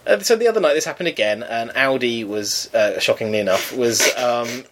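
A man's voice: mid-range voice, a little fast, noisy background. A young man from England telling a funny anecdote in casual chat, acting out other people's lines with a raised voice. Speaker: storyteller in a chat.

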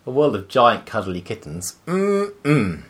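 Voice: mid-range voice, very animated, a little fast, noisy background. A podcast co-host in casual, playful chat, often laughing.

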